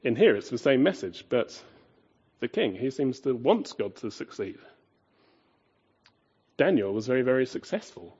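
A man preaching a sermon, emphatic, asking rhetorical questions and swinging between loud and quiet. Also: mid-range voice, sing-song, moderate pace, slightly rough, highs cut off.

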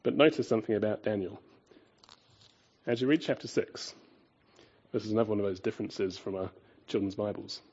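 A man preaching a sermon, emphatic, asking rhetorical questions and swinging between loud and quiet. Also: fairly low pitch, fairly quick, long pauses, husky, lo-fi sound.

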